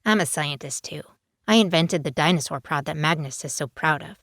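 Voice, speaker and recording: Woman doing a no-nonsense dragon lady w/ a clipped new york accent, low and dry, close mic storybook read. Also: brisk, a bit bright, no room sound. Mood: firm, dry. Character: stern, dry-witted dragon woman in human form.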